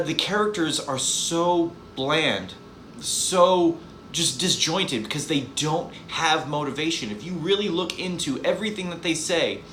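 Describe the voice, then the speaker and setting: A man's voice: on the high side, fairly bright tone, roomy sound, a little hiss or hum. A man giving a casual spoken movie review, exasperated and sarcastic, rambling with restarts as he complains.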